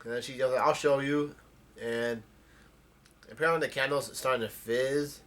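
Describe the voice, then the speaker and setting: Halting man recapping a comic chapter. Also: mid-range voice, steady tone, fairly bright tone. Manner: halting, many ums and uhs and restarts. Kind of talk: casual spoken plot summary.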